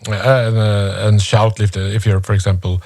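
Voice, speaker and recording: A man hosting a casual podcast chat, often pausing to find his words. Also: lowish voice, creaky, dry recording, clean studio sound. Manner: hesitant, many pauses for words, animated when telling jokes. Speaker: podcast host.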